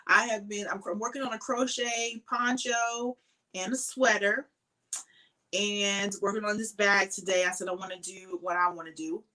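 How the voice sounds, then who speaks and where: Woman, crochet livestream host, tired and sleepy, chatty, bright tone, frequent ums. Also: mid-range voice, fairly even intonation, moderate pace, low-quality recording. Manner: chatty, greets viewers by name, trails off with ums. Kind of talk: casual livestream chat. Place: home craft shed.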